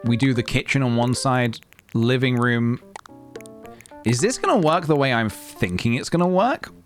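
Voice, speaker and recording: A man's voice: mid-range voice, lively intonation, moderate pace. A young man chatting playfully and rambling while live-streaming a game, breaking into sing-song noises. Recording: faint guitar music behind.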